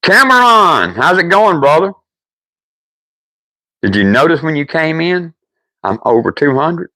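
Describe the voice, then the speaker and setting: An older man with a Deep South accent, hosting a livestream and chatting casually with viewers in a folksy, rambling way. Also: big pitch swings, measured pace, pushed and bright, dry recording. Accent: Deep South American. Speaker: livestream host.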